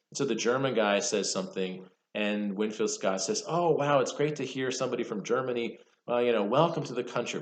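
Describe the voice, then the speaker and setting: Lively lecturing man in an echoey room. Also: mid-range voice. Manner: conversational, lively storytelling with asides. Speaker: history professor. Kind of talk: university lecture.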